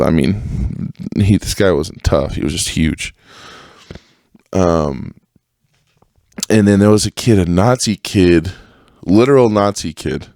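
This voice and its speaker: Deep-voiced man, rambling and profane. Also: darkish tone, no echo, clean studio sound. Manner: profane, rambling, full of fillers and self-corrections. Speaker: podcast host. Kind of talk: casual storytelling monologue.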